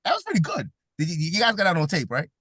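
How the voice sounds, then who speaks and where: A man's voice: sits high, wildly swooping pitch, quick pace, a bit bright, slightly rough, dry recording, clean studio sound. A man from Brooklyn, New York, giving a comedic motivational talk. He jokes, laughs often and keeps talking with the audience. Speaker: event speaker.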